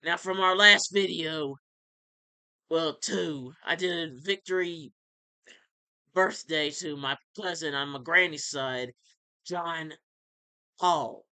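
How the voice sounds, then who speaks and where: A man in his late twenties doing a profane, erratic comedy vlog in the style of a well-known internet character, with shouting bursts. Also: on the high side, slow pace, pauses often, clear, resonant tone, dry recording. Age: 20s. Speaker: amateur comedy YouTuber. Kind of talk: crude ranting comedy vlog.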